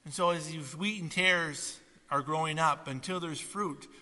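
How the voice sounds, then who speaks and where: A man preaching a sermon, swinging from loud, animated retellings to quiet, earnest asides. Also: a little high, unhurried. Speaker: pastor. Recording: long reverb of a hall.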